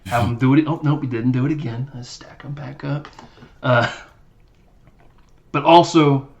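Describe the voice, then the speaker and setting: A man's voice: medium pitch, fairly even intonation, moderate pace, creaky. A man hosting a podcast, recapping a movie in casual, rambling chat and acting out lines in silly voices. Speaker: podcast host.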